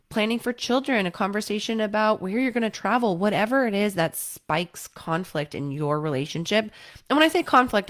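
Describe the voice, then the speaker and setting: A woman, a lawyer, giving casual relationship advice to camera in a conversational way, often checking in with "right?" and acting out quotes. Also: mid-range voice. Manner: lively, acts out quoted partners.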